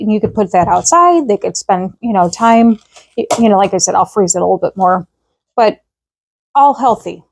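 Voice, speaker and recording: A woman's voice: fairly high pitch, a little mellow. A woman chatting casually as she demonstrates a home recipe in her kitchen, rambling and upbeat with lots of fillers. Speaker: home cooking vlogger.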